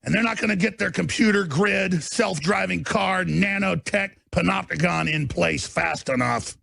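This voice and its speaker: A radio talk show host, a man, delivering an impassioned on-air rant that builds into shouting. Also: high voice, normal speed, creaky. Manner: preachy, rising to shouting.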